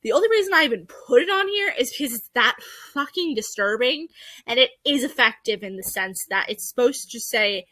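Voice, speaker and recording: A woman's voice: a little high, lively intonation, fairly quick, sharp tone, no room sound, rough recording. A woman hosting a casual commentary video, talking bluntly and swearing a lot as she reviews ads.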